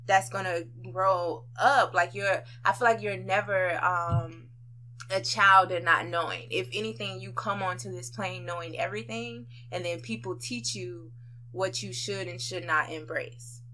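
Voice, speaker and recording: A woman with a bright, lower-pitched voice talks her way through her views in a relaxed podcast chat. She is reflective and emphatic and keeps asking whether her listener follows her. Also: measured pace. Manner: reflective and emphatic, often asks "you know what I'm saying". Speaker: podcast co-host. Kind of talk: casual unedited conversation.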